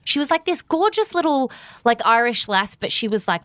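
A woman's voice: on the high side, a little fast, no echo. A young woman, co-hosting a podcast and telling stories in a chatty way. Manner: chatty, storytelling, lively. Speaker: podcast co-host. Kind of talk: casual chat.

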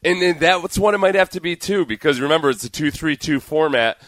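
A man co-hosting sports talk radio, sarcastic and lively. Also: fairly high pitch, a little fast, no echo.

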